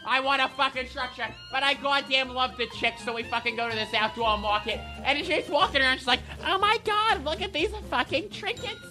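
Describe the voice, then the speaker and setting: A foul-mouthed, hot-headed man, played by a woman, rants manically through a comedy monologue. The voice sits a little high and cuts bright and sharp. A faint music bed runs underneath. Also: fairly even intonation, brisk, few pauses. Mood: ranting. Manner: profane, ranting, manic.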